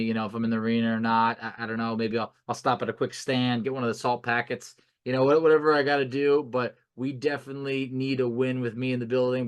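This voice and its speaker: A man's voice: mid-range voice, clean tone. A man co-hosting a sports podcast, chatting casually and rambling in a self-deprecating way, often restarting his sentences.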